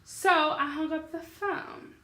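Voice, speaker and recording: A woman's voice: sits high, steady tone, slow pace, pushed and bright, echoey room. A woman vlogger telling a story at home, acting out both sides of phone calls. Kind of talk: casual storytelling. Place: at home on her couch.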